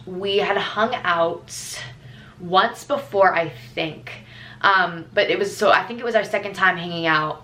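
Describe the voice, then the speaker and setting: A teenage girl vlogging, telling stories casually with lots of fillers and lively retellings. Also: fairly low pitch. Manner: chatty, filler-heavy, animated retellings. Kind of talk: casual storytelling.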